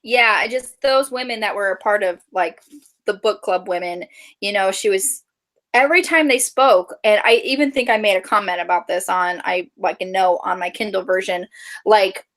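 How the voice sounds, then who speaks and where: A woman's voice: mid-range voice, moderate pace, a bit bright. A woman co-hosting a casual book club chat. She is chatty, giggles often and fills her speech with "like" and "you know".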